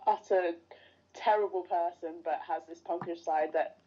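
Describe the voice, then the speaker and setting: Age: adult. Sex: woman. Style: casual interview chat. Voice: low, dark. Sound: dull lo-fi. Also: fairly even intonation, moderate pace, a little hiss or hum. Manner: chatty, enthusiastic fan talk. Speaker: podcast guest.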